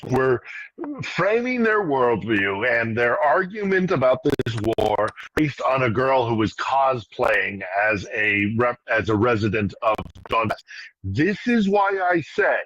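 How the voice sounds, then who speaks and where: A man's voice: medium pitch, big pitch swings, measured pace, fairly bright tone, no room sound, muffled recording. A man giving casual political commentary on a live stream, rambling with restarts and asides. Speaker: regular guest commentator. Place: in Ukraine.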